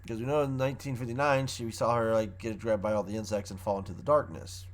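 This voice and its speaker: A man's voice: on the low side, fairly even intonation, fast. A man reviewing a show in a casual, rambling way, often restarting his sentences as he recaps the plot.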